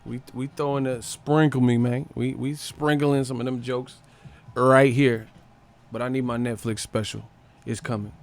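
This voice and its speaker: A man's voice: medium pitch, little pitch movement, moderate pace. A man hosting a boxing live stream, joking and swearing casually and mimicking other people's voices.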